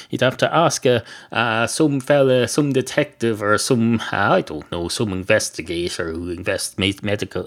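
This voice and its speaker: A man's voice: medium pitch, lightly acted. An Irish man doing a surly talking cat. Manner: blunt, rambling, sardonic. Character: rude surly male cat customer.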